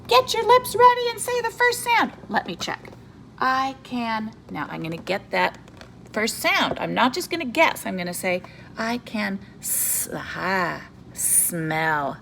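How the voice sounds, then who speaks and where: Teacher lady doing a reading lesson for little kids, super lively singsongy voice, bit of fry, faint hiss behind. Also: mid-range voice. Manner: animated, sing-song teacher voice with playful character voices. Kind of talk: video lesson for young children.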